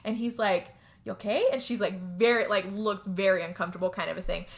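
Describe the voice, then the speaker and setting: A woman co-hosting a podcast, recapping a film's plot in casual chat, animated, laughing often and swearing freely. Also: medium pitch, quick pace. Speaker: podcast co-host.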